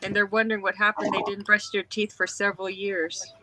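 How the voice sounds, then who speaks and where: A woman's voice: medium pitch, flat delivery, fairly quick, bright, forceful tone, a little hiss or hum, rough recording. A woman hosting a casual live stream chat, reading odd posts aloud with dry asides.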